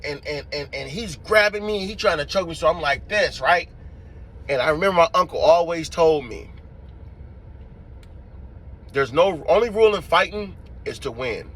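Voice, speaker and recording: A man telling a street-fight story in a casual, profane, animated way, acting out the scenes as he goes. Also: a little high.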